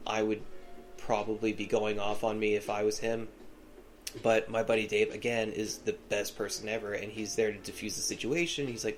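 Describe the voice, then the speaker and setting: A man's voice: fairly low pitch, level tone, moderate pace, faint music behind. A man hosting a podcast, telling a personal story in a rambling, casual way full of fillers and restarts. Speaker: podcast host.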